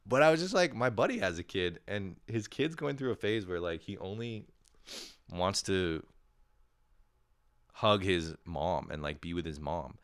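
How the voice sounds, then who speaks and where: A man hosting a podcast, rambling through a self-mocking comedic monologue, swearing often and breaking into sudden loud animated bursts. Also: sits low, a little slow, clear, resonant tone, no echo, clean studio sound. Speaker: podcast host.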